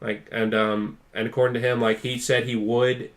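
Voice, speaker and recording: A male podcast co-host speaks at a moderate pace in a mid-range voice with flat delivery. Telling a long, rambling story in casual chat, he leans heavily on "like" and acts out what people said with raised intensity.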